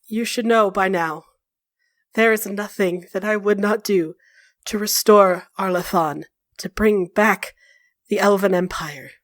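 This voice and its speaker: A woman's voice: fairly even intonation, unhurried, dry recording, clean studio sound, close to an everyday voice. A woman voicing Solas, a sorrowful elf god. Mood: cold. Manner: low, soft and weary. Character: brooding ancient male elf god, sorrowful and ruthless.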